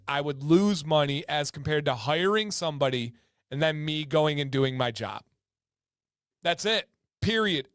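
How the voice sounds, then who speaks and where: A man hosting a casual livestream chat, emphatic and fond of repeating words for stress. His voice sits a bit high for a man and is heard close and dry, with no room echo. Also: fairly bright tone, clear, resonant tone. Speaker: livestream host.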